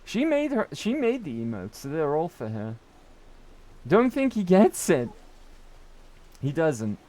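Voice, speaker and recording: Chatty British man, lively voice. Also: on the high side, unhurried. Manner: chatty, rambling, keeps tagging on "right?". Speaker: game streamer. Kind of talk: casual gaming chat.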